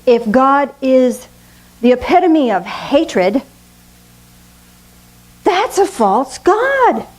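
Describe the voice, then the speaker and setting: A woman preaching a sermon, slow and earnest, with dramatic pauses. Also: high voice, sing-song, a little mellow, poor audio. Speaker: pastor.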